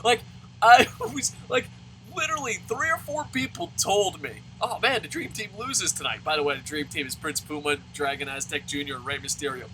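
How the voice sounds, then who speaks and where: A man reviewing a wrestling show in a casual, profane rant, excitable and sarcastic, tripping over his words. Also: on the high side, normal speed, slight background noise, low-quality recording. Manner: excitable, swears constantly, sarcastic, repeats and restarts.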